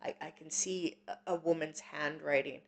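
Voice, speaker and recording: A woman hosting a psychic reading stream, gentle and reassuring, with many pauses and fillers. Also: low voice, steady tone. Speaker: psychic medium host. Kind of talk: live-stream reading, casual chat.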